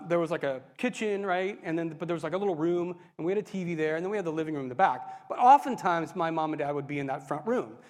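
Man, pastor, sermon testimony, high voice, expressive, long hall reverb. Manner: animated, expressive storytelling with frequent asides.

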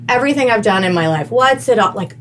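A woman's voice: a little high, fast, a little hiss or hum. A woman guest in a casual conversation, telling a personal story with lots of "like" fillers. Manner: animated, heavy use of "like" fillers.

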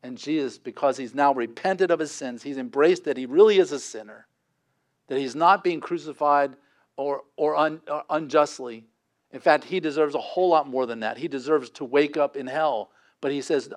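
A man preaching a sermon, shifting between forceful emphasis and hushed intensity. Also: medium pitch, moderate pace. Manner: dynamic preaching, dropping to quiet intensity. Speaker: pastor.

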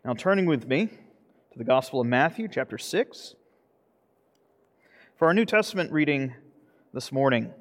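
A man's voice: medium pitch, lively intonation, normal speed, long pauses. A man, a pastor, reading scripture aloud during a sermon, earnest and emphatic, swelling dramatically on quoted speech. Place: church sanctuary. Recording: long church reverb.

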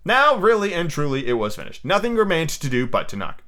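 A man reads a classic book aloud for his podcast in a loose, casual way. He stops for irreverent, profane commentary. His voice is somewhat high for a man and moves about a lot. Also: very animated, fairly quick, pushed and bright.

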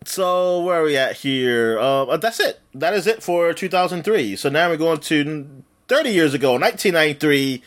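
Late 30s dude on a podcast, kinda high voice, swoops up and down a lot, rambly with tons of "like"s. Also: male voice, expressive, normal speed, hardly any pauses, a bit bright. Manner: rambling, lots of fillers, laughs often. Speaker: podcast co-host. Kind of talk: casual chat.

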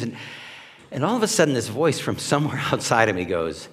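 A male pastor delivers a sermon in a conversational, questioning manner, his pitch swinging up and down with lively expression. His voice rings out with the long reverb of a large church hall. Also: brisk. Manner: conversational, animated, asks the congregation questions. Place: church sanctuary.

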